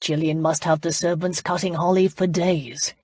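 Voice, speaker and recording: A woman's voice: low-pitched, steady tone, normal speed, a little mellow, no room sound. A woman narrator voicing an easygoing aristocratic man, a duke, who banters in a dry, teasing way.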